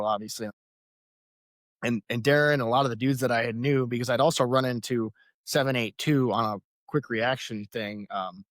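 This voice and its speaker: Man, veteran guest, mid-pitch, dry close sound, animated storyteller who laughs a lot. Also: no room sound. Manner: lively anecdotes with frequent laughter and acted-out quotes. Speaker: podcast guest, Army veteran. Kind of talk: casual storytelling.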